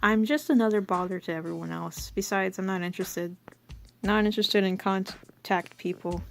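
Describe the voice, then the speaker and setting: A woman voicing a quiet loner goth teen girl in a flat, standoffish tone. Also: medium pitch, normal speed, creaky, faint music behind, lightly acted.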